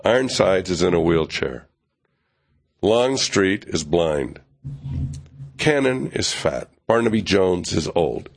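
An older man, a television writer and producer, telling a behind-the-scenes story in an interview, animated and acting out other people's lines, with frequent fillers and restarts. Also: low-pitched, creaky.

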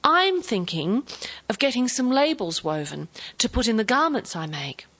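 A woman's voice: a little high, sing-song, moderate pace, a bit bright, voice pushed up, exaggerated voice. A woman voicing an ambitious young English wife who talks eagerly and then defiantly. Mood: hopeful.

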